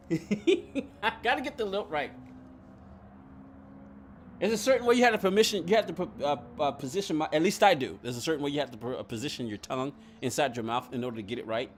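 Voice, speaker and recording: A man's voice: a little high, very fast, few pauses, a little hiss or hum. A man streaming a racing game, rambling in casual chat, reading chat aloud and laughing often. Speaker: gaming streamer.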